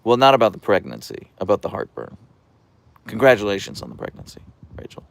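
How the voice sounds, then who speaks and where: Calm, creaky-voiced man chatting on a livestream. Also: on the low side, a little fast. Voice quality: calm, radio-like voice. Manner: soft-spoken, relaxed, reads viewer comments aloud. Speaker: livestream host. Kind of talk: casual live-stream chat reading comments.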